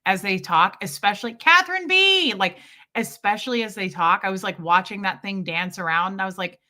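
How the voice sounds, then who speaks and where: A woman's voice: medium pitch, brisk, bright, forceful tone. A woman hosting a casual livestream, telling jokey stories and greeting viewers by name mid-sentence. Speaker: livestream host reading chat.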